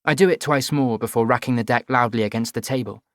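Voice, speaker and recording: Studio-clean with no room sound, this recording features a man reading a first-person audiobook. His pitch is medium and his storytelling stays steady and measured.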